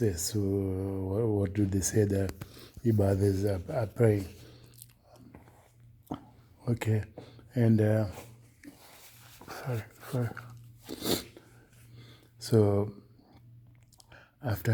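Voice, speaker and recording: A man from Oman, recounting a dream in a hesitant, earnest way, with many pauses and restarts. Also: fairly low pitch, dark tone, slightly rough. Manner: earnest, solemn. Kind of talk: unscripted personal account.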